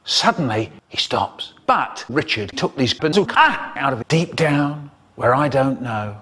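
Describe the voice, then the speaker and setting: A man telling a comic story in an animated way, with sudden high bursts. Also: unhurried, breathy edge. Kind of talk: comic storytelling, spliced clips.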